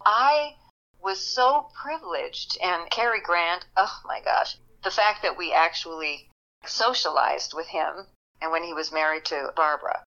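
An older actress reminiscing in an interview, animated and quick to laugh. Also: female voice, on the low side, lo-fi sound. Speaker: actress guest. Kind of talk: interview storytelling.

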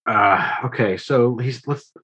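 A male player with a bright, edgy, slightly husky voice. He speaks wryly with small stammers during casual game talk. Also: mid-range voice, takes it slowly. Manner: wry, stammering. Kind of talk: casual tabletop game play.

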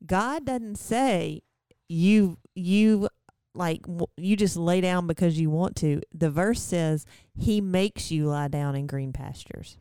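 Woman co-host, deep mellow voice, chatty and reflective, dry mic. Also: slow pace, clear, resonant tone, no echo. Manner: chatty, reflective, many restarts. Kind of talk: casual chat.

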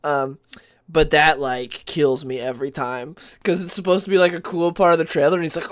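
A man's voice: a little high, normal speed. A man hosting a podcast in casual chat, rambling with many fillers and restarts. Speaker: podcast host.

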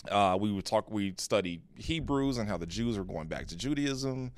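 A man, a pastor co-hosting a podcast, telling a personal story in an earnest, animated way with frequent restarts. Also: lowish voice, normal speed, smooth, no room sound. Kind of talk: casual podcast conversation.

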